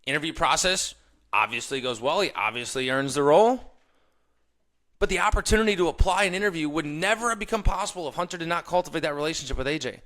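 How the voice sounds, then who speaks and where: A young man with a bright, forceful voice talks straight to his listeners in a casual motivational monologue. He rants with energy and drops into quick impressions of other people mid-sentence. He sounds like a podcast host working through his points off the cuff. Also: a little high. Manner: animated, ranting, mimics others in quoted asides.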